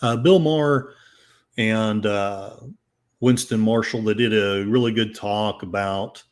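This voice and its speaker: A man's voice: on the low side, slow pace. An older man hosting a podcast, reading headlines aloud and commenting with sarcasm and many fillers. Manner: sarcastic, rambling, with frequent fillers. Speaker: podcast host.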